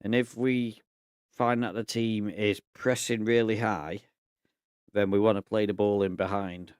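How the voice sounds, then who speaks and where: A man talks through his football management game in a relaxed, thinking-aloud way. His voice sits on the low side. The sound is dry and close, with no room echo. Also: a little slow, clean tone. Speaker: gaming YouTuber. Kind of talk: casual game commentary.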